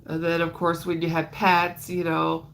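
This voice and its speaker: A woman's voice: fairly low pitch, monotone, moderate pace, vocal fry, a little hiss or hum. A woman hosting a crochet livestream, chatting casually in a rambling way and greeting viewers by name, her voice stuffed up and nasal.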